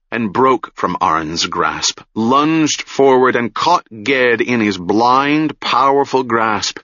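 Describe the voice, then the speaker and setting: A man reading a fantasy novel aloud in measured, dramatic audiobook narration, in a dull, muffled recording. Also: mid-range voice, expressive, pushed and bright, no room sound.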